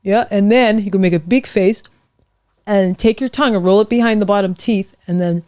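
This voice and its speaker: A middle-aged woman coaching vocal warm-ups with bright encouragement, her voice sitting at an ordinary middle pitch. The sound is dry and close, with no room around it. She demonstrates and cheers her student on as she goes. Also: normal speed, no room sound. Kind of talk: guest leading vocal warm-up exercises. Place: podcast studio.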